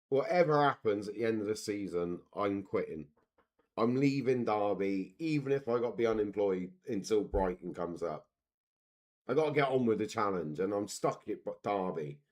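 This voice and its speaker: A man's voice: on the low side, animated, moderate pace, darkish tone. A man streaming a football management game, giving casual live commentary and cheering and groaning at the screen.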